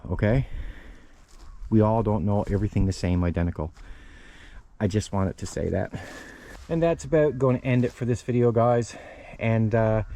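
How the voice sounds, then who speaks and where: A man's voice: medium pitch, dark tone. A man hosting a casual how-to vlog outdoors by a van, talking to viewers as "guys" while he works one-handed with the camera in his other hand, a little out of breath. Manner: chatty, keeps addressing viewers as guys. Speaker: channel host. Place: outdoors beside a parked van. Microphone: handheld camera held while working.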